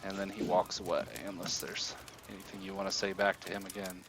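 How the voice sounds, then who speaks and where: Low-voiced man narrating as game master. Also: brisk, noisy background. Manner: relaxed, descriptive storytelling.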